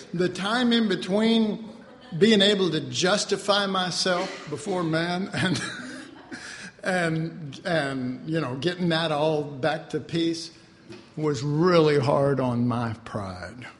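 A man's voice: on the high side, big-room sound, a little hiss or hum. A man preaching a sermon with self-mocking humor, acting out little dialogues in changing voices.

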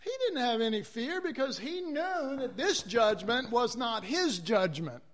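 Man, preacher, sermon, very high pitch, animated, calls for amens. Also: measured pace. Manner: animated, acts out quoted voices, asks the congregation for amens.

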